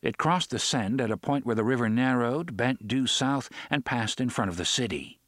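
A man narrating an audiobook in a steady, measured storytelling voice, close to the mic. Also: medium pitch, dry recording. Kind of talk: scripted narration.

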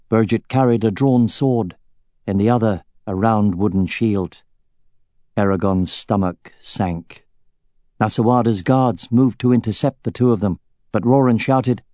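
Male audiobook narrator: mellow, even, measured, dry booth sound. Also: on the low side, no echo.

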